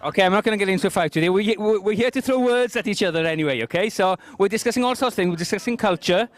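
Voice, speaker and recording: A high, rapid Welsh man hosting a lively open-air discussion. He flips between Welsh and English mid-sentence as he questions people on the street. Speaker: host.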